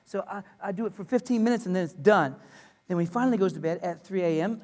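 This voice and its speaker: A man is giving an energetic talk at an education conference. He speaks playfully and leans hard on his points. His voice rings out with a long reverb from the conference hall. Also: high-pitched, fast. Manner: animated, playful, emphatic. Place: conference room.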